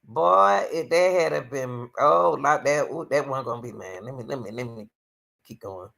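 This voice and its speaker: A woman's voice: extremely low pitch, normal speed, vocal fry, fairly bright tone. A woman livestreaming reaction commentary on a court case, speaking emphatically to her viewers and often calling on the Lord. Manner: emphatic, exclaims to the Lord, talks to viewers as y'all.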